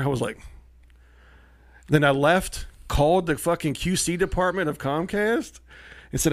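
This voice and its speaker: A man telling wild stories in casual podcast chat, profane and animated, acting out the people he quotes. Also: mid-range voice, moderate pace, no echo. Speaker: comedian guest. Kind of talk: casual storytelling.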